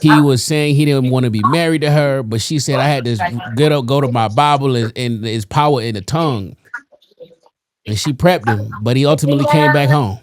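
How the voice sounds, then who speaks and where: A man's voice: medium pitch, fairly quick, background noise. A young man hosting a podcast in a casual, joking manner. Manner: laid-back, joking, calls people on speakerphone. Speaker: podcast host. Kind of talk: casual chat.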